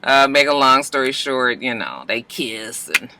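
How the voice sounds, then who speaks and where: A vlogger giving a casual, gossipy TV episode recap in an animated, slangy way, recording at a post office. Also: mid-range voice, unhurried, slight background noise, low-quality recording.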